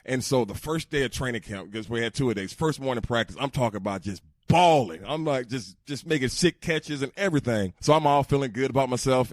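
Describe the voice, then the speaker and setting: A man's voice: no echo, studio quality. A man from Georgia telling stories as a podcast guest, acting out quotes with a jump in his voice. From Georgia, USA. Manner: animated, acts out quotes in a higher voice. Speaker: guest, former football player. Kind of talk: casual storytelling.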